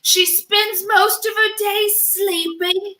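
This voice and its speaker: A woman doing an excitable male wildlife showman with a wandering Australian accent, high and drawn out. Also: slow pace, reverberant, noisy background. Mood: gushing. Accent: Australian, drifting.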